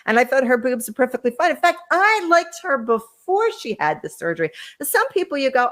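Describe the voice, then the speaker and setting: A woman's voice: high-pitched, sing-song, brisk, few pauses, fairly bright tone. A woman hosting a podcast, chatting casually and sarcastically as she gossips about reality TV and talks to her live chat. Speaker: podcast host.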